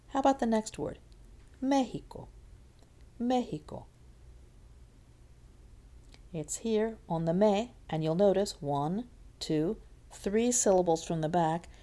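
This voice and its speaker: A woman's voice: fairly low pitch, warm tone. A woman teaching a Spanish lesson, patiently repeating words to model their stress. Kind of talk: classroom lesson explanation.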